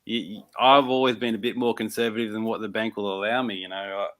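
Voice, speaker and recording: Measured, cautious man in casual chat. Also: lowish voice, steady tone, a bit bright.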